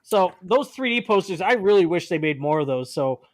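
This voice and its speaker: A man co-hosting a casual podcast, talking in halting stops and restarts. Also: sits high, animated. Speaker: podcast co-host. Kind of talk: casual chat.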